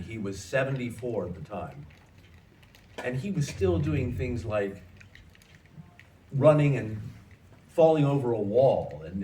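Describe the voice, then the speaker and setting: Older man telling stories in an echoey hall. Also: on the low side. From United States. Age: 60s. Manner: animated anecdotes, frequent restarts. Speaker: guest actor. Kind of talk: festival Q&A storytelling. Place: festival event hall. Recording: echoey room, distant mic, faint noise.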